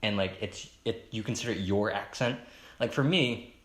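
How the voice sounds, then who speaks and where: A young man hosting a solo podcast, rambling and hesitant with many fillers and restarts, in a fairly monotone baritone. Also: moderate pace, reverberant. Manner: self-conscious, chatty. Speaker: podcast host. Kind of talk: solo casual podcast monologue.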